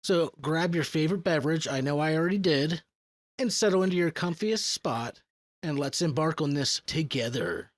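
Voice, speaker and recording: A man's voice: a little high, moderate pace, no echo, studio quality. A man hosting a podcast, friendly and inquisitive in casual chat. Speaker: podcast host.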